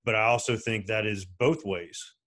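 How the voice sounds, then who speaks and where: A man with a low, steady voice talks earnestly on a video-call panel. He speaks in a measured, thoughtful way, choosing his words with care. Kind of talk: panel discussion.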